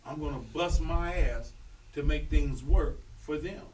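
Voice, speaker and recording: Man hosting a sports podcast, animated, slightly high voice, mic a bit distant, faint room hum. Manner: animated, laughing, quick asides. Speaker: podcast host. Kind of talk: casual sports chat.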